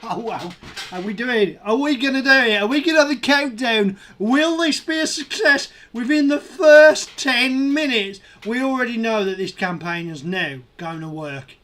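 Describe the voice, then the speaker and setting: Male streamer, high and bright, excitable live commentary. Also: moderate pace. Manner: excitable, counting numbers aloud, shouting at milestones. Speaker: streamer hosting a live crowdfunding watch.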